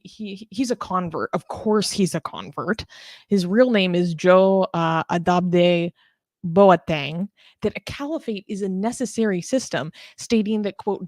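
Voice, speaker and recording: A woman co-hosting a casual political chat show, sarcastic, laughing often and filling pauses with ums and uhs. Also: mid-range voice, darkish tone, no echo, studio quality. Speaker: co-host.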